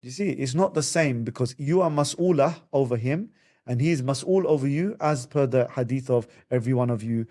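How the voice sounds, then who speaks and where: Male counsellor, conversational podcast delivery, mimics others in raised voices. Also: a little fast. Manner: animated, acts out quotes with high voices. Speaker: Islamic family counsellor.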